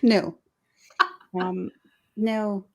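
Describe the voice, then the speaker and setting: A woman's voice: medium pitch, fairly even intonation, very slow, a little mellow. A Scottish woman author, a guest on a video-call talk show, talking casually with dry teasing humour. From Scotland. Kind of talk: casual chat.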